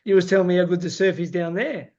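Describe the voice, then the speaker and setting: High-voiced Australian man, muffled lo-fi sound. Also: quick pace, a little mellow. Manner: affirms often with yeah and wow, chatty. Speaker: interview host, former boxer. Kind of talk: casual interview chat.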